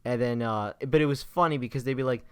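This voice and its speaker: Excited young man rambling about games. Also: medium pitch, fast, smooth, no room sound. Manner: excited, rambling, many fillers and restarts. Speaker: gaming vlogger. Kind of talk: casual gaming impressions.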